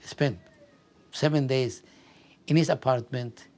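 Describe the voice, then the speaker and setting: Telling his life story for an oral history interview, this older Afghan man has a mid-range, darkish voice, and his speech is halting with frequent repetition.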